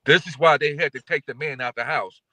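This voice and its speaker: Man in his fifties, lively storyteller who acts out every character; slightly higher voice, dry close sound. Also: fairly quick, no echo. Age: 50s. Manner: animated, acts out the people in his stories. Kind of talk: casual storytelling chat.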